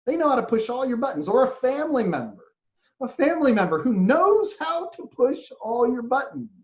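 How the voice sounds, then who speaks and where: A man giving a reflective spiritual talk as a teacher, gentle and earnest, sometimes acting out inner voices. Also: extremely high pitch, sing-song, a little fast. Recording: roomy, dull lo-fi recording.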